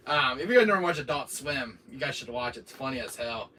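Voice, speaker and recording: A man chatting casually on his livestream, rambling from one joke to the next with lots of fillers and chuckles. His voice sounds bright and edgy. The mic sits some distance away and picks up faint room noise. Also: mid-range voice, fairly quick, hardly any pauses. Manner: rambling, laughing often, many fillers. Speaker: livestream host.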